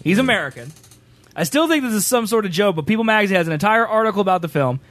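A man hosts a casual reaction stream, chatty and joking, with lots of "like". His voice sits a bit high. It is recorded close and dry, with no room sound. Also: animated, racing, fairly bright tone, no room sound. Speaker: streamer host.

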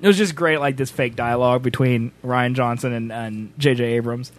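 A man co-hosting a streamed show, chatting casually, excitable and laughing a lot as he acts out silly dialogue. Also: mid-range voice, normal speed. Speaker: show co-host. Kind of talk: casual chat while gaming on stream.

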